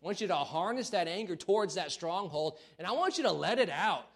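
A man preaching a sermon in a church, folksy and self-deprecating, then building to loud calls to the congregation. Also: sits high, animated, fairly quick. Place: church sanctuary.

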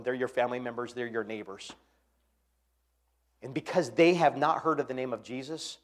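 A man preaching a sermon, swinging between quiet, earnest passages and loud, impassioned ones. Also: mid-range voice, brisk. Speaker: pastor.

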